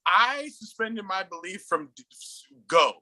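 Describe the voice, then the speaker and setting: A man co-hosting a casual chat, talking excitedly with lots of swearing and laughter. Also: high-pitched, moderate pace, no echo, poor audio. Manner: excitable, profane, laughs a lot while telling. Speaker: podcast co-host.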